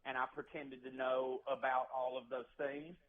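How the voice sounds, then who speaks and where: A man's voice: medium pitch, little pitch movement, normal speed. Joking Southern man on a muffled phone line. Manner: joking, self-deprecating storyteller. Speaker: stand-up comedian guest. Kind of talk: casual phone interview.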